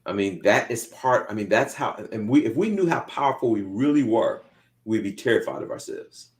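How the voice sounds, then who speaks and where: A man co-hosting a casual talk show, telling lively stories and acting out the voices in them. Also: fairly low pitch, brisk. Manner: lively storyteller who acts out voices in his anecdotes. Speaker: podcast co-host. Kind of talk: casual chat, animated storytelling.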